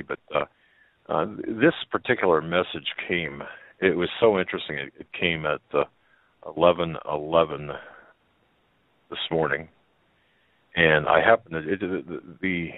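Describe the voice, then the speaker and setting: A male talk show host reading a story aloud in a folksy, halting way, with many fillers and restarts. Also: sits low, dry recording. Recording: narrow phone-like line.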